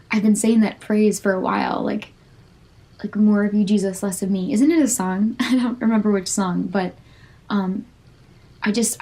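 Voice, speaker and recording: Halting young woman musing on faith. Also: mid-range voice, warm tone. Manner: halting, searching, many fillers and restarts; earnest and self-critical. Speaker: podcast host. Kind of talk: personal faith reflection.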